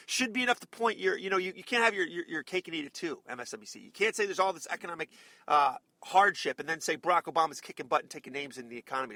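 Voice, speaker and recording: A man's voice: on the high side, pushed and bright, no room sound. A man hosting a political talk show, delivering combative, sarcastic commentary with heavy emphasis. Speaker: radio talk show host.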